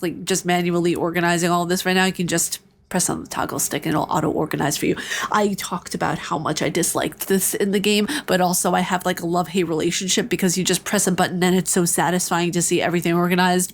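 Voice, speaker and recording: Chatty young woman reviewing games. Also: fairly low pitch. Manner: chatty and enthusiastic, full of "like" and "you know". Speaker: video game reviewer. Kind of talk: casual spoken game review.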